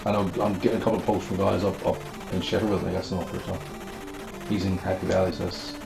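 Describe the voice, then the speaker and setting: Gravelly-voiced Newfoundland man chatting. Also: low voice, level tone, quick pace. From Newfoundland, Canada. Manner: chatty, repeats words when starting sentences. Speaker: guest co-host. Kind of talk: casual chat on a game stream. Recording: echoey room with game music.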